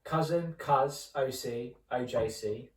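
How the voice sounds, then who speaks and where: A young man, co-hosting a podcast in relaxed, laughing banter. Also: medium pitch, slow. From Essex, England. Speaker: podcast co-host. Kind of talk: casual chat. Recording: roomy sound from a distant mic.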